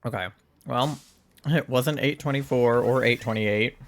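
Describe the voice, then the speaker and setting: A man's voice: medium pitch, a little slow. A man streaming a game, chatting casually and rambling, with frequent swearing and lots of "like" and "um". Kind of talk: casual chat while gaming.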